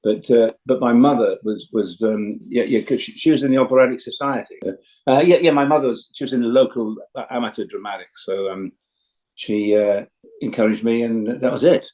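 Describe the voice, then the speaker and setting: A man's voice: medium pitch, a little fast, dark tone, low-quality recording. A man in his seventies from Yorkshire, a veteran actor telling anecdotes as an interview guest. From England, Yorkshire. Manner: chatty anecdotal storyteller. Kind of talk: casual interview chat.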